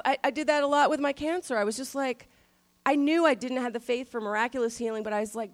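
A middle-aged woman pastor giving a sermon in a conversational style, stressing key phrases slowly. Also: sits high.

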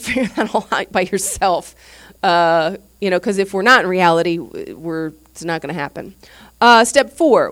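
A woman pastor giving a teaching sermon at a church service in an informal, candid, conversational way. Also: medium pitch. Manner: informal, candid and conversational, acting out what others said.

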